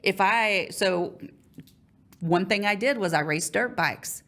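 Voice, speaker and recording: A woman's voice: mid-range voice, slow pace, fairly bright tone. A woman hosting a podcast, reflecting aloud in a personal, thoughtful way. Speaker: podcast host. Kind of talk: podcast interview.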